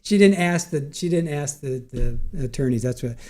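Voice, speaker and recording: Middle-aged male stream host, worn out, giggly and repetitive, mellow, somewhat high voice. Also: expressive, moderate pace. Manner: giggly, punch-drunk, repeats himself. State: tired after a long stream. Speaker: livestream host. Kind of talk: casual chat with live chat viewers.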